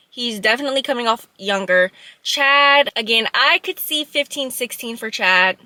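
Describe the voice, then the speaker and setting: Bright, chatty woman book vlogger. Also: on the high side, no echo. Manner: chatty and emotional, addresses viewers as y'all. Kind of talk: casual book review chat.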